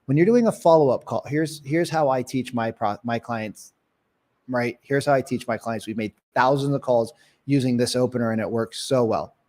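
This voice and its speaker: A man coaching real estate agents in a live sales training session, energetic and acting out phone calls. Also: medium pitch, normal speed. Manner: energetic, demonstrates calls in mock voices.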